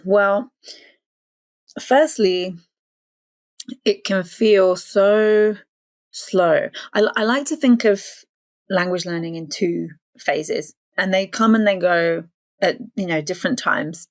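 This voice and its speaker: A woman's voice: medium pitch, takes it slowly, long pauses, dry recording. A woman from the English Midlands with an English accent, a language consultant chatting as an interview guest and laughing easily. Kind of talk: casual interview chat.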